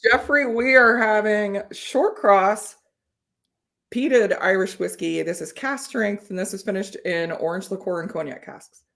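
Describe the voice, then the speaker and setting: A woman's voice: medium pitch, a little slow, gravelly, a bit bright. A woman hosting a live whiskey tasting, chatting casually and explaining technical details. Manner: informative, reads out viewer comments, lists technical whiskey details. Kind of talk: casual chat, live stream.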